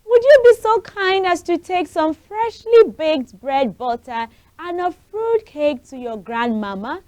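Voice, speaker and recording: A woman voicing a caring mother in a gentle, soft-spoken way. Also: very high voice, animated, measured pace, dry recording, voice pushed up. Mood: kind.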